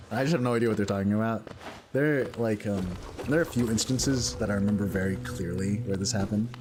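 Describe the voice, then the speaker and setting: A man's voice: fairly low pitch, brisk, noisy background. Rambling young man streaming a game. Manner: rambling, many "like" fillers, bursts of laughter. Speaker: gaming streamer. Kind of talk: casual gameplay commentary. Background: other people in the house.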